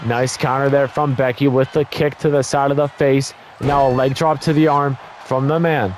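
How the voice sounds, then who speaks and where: A young man giving casual play-by-play commentary on a wrestling video game, excitable, blurting exclamations and correcting his own slips, his voice a little worn. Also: medium pitch, normal speed, slight background noise. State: voice getting worn from talking.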